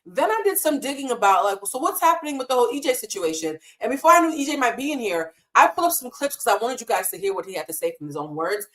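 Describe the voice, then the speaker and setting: A woman's voice: a little high, very animated, fast, few pauses, a bit bright. A woman hosting a live stream, talking in a casual, impassioned and emotional way and swearing freely. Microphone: desk mic in a hotel room.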